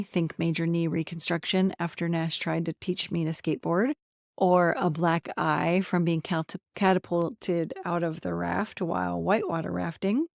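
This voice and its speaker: Lowish gravelly woman podcast host, forties, candid and self-mocking, dry close sound. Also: dry recording. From central Pennsylvania, USA. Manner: warm, candid, self-deprecating, chatty lists. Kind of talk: personal monologue to camera.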